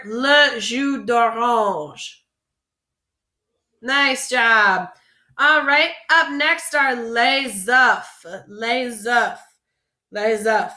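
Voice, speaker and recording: A woman French teacher leading a vocabulary lesson, slowly drawing out each word for students to repeat. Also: on the high side, pushed and bright, reverberant. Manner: slow, drawn-out modeling of words for repetition.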